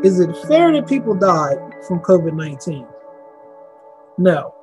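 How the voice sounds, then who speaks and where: A man hosting a radio commentary show, talking in a sarcastic, mocking way. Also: sits high. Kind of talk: opinion commentary podcast.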